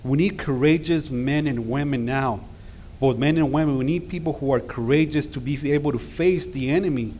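Impassioned pastor preaching. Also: male voice, medium pitch, normal speed, a little mellow, slight background noise. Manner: impassioned, rising to emphatic exhortations. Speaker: guest pastor. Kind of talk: sermon. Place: church sanctuary.

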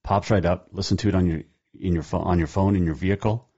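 Low, steady and dark-toned with a breathy edge, this man's voice moves at a quick pace as he hosts his own radio program. His casual talk is rambling, folksy and self-correcting, broken up by ad reads, and the recording sounds dull and lo-fi.

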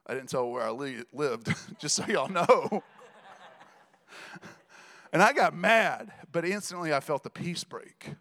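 Man, preacher, casual storytelling sermon, slightly high pitch, long hall reverb. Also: expressive, a little slow, pauses often, a bit bright. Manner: conversational, joking, with rising emphasis.

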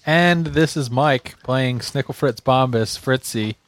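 A man's voice: mid-range voice, slow pace, dry recording. A man introduces his character at a tabletop game table, taking his time with each phrase. His humor is dry, and the recording is close with no room sound. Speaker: player.

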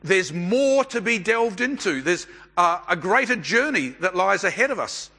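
A middle-aged Australian man preaching a sermon and telling a story, with measured, deliberate pauses. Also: high-pitched, sing-song, sharp tone, slightly rough. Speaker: pastor. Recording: long hall reverb.

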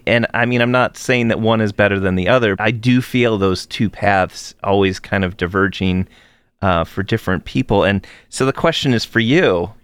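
Male interviewer, smooth low voice, dry close sound, curious and kinda halting. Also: fairly bright tone, no room sound. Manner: curious, thoughtful, halting restarts. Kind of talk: interview conversation.

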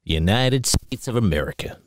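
A man's voice: expressive, normal speed. A man co-hosting a podcast, talking in a casual, jokey, playful way. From New Zealand. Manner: jokey, playful, bouncing between high and low. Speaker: podcast co-host. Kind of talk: casual chat.

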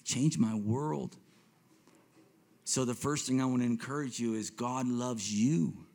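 A man in his fifties telling his personal faith testimony to a congregation, swinging between hushed reflection and excited retelling, often repeating himself. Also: medium pitch, a little slow, gravelly. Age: 50s. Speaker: speaker giving a testimony.

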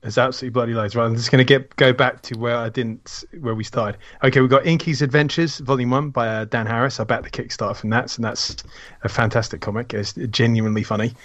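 A man's voice: mid-range voice, steady tone, quick pace, few pauses, fairly bright tone, no room sound. A man co-hosting a comics podcast, talking in a laid-back, offhand way. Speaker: podcast co-host. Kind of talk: casual chat. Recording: dull, dry sound.

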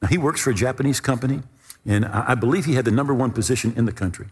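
A middle-aged male pastor preaching a sermon, telling a personal story with animated emphasis. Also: mid-range voice, racing, husky, in a large hall.

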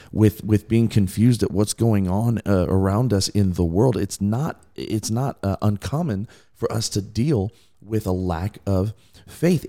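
A man speaks in a deep, mellow voice as he co-hosts a casual faith podcast. He talks earnestly and often repeats words while he works out what he wants to say. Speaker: podcast co-host.

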